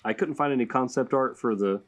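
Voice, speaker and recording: A man hosting a podcast in relaxed, conversational chat. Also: mid-range voice, brisk, soft background music. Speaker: podcast host. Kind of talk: casual chat.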